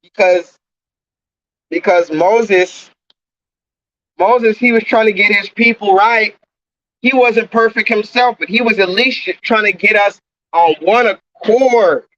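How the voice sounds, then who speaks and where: A man's voice: sits high, slow pace, long pauses, fairly bright tone, dry recording, dull audio. Agitated man ranting into his phone. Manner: agitated, repetitive ranting, swears often. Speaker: livestreamer. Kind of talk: ranting live stream monologue. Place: outdoors near a coffee shop. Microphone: phone held at arm's length.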